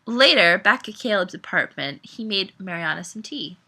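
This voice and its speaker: A woman's voice: medium pitch, expressive, moderate pace, bright, forceful tone, slight background noise. A tipsy woman reading her own story aloud with a giggly, loose delivery.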